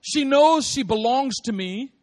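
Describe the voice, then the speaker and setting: A man preaching a lively, humorous sermon, repeating phrases for emphasis and calling out to his listeners. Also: very high voice, unhurried. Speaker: pastor.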